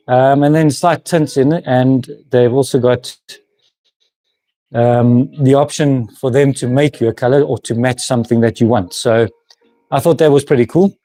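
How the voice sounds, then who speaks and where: Chatty man, mellow voice. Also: mid-range voice. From South Africa. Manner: chatty, laughs often, frequent restarts. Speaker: woodworking channel host. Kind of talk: casual live-stream chat. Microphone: camera mic, moving handheld camera.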